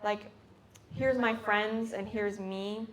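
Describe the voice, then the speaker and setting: A woman's voice: medium pitch, steady tone, slow, fairly bright tone. A teenage girl from the United States, an exchange student, telling her story in a casual chat, full of fillers and acting out her own reactions. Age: teens. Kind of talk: casual talk at a hosted chat.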